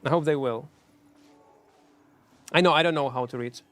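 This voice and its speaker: A man's voice: a little high, moderate pace, a bit bright, dry recording. A man streaming a game, chatting casually and mocking himself, answering chat and humming between plays, in non-native English. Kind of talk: casual live-stream chat while playing.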